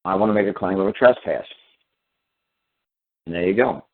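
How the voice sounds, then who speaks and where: A man's voice: low-pitched, moderate pace. A middle-aged man hosting a radio talk show, telling stories bluntly and often repeating and restarting himself. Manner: blunt storytelling with frequent repetition and restarts. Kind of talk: casual call-in radio talk. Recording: tinny phone-line audio.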